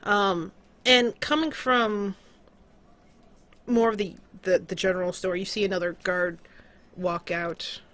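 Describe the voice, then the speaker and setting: A woman's voice: mid-range voice, fairly even intonation, slow pace, pauses often, fairly bright tone. A woman narrating as game master of a tabletop game, casual and loose, with frequent fillers.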